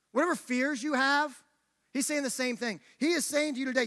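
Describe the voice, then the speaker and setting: A man with a very high, bright voice delivers a lively sermon, acting out the story as he goes. The sound rings with the long reverb of a church hall. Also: quick pace. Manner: animated storytelling, acting out the scene. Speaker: preacher.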